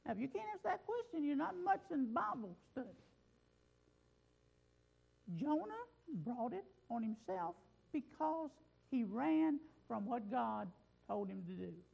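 A man's voice: very high voice, big pitch swings, measured pace, gravelly, husky. A man preaching a sermon, reading scripture emphatically and commenting in a folksy way. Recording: muffled lo-fi recording.

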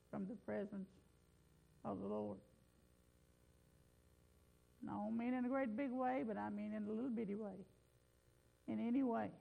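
A man's voice: sits high, creaky. A man preaching a sermon, reading scripture emphatically and commenting in a folksy way. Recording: muffled lo-fi recording.

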